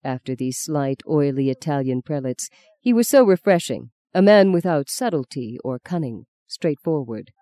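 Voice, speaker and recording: A narrator reading a novel aloud in measured scripted narration. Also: medium pitch, expressive, dark tone, no echo. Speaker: audiobook narrator.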